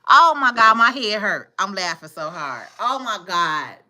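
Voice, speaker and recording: A woman's voice: mid-range voice, very animated, a little slow, bright, forceful tone. Laughing woman on a livestream. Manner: laughing often, exclaiming. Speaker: livestream host. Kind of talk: casual livestream chat with viewers. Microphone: phone camera.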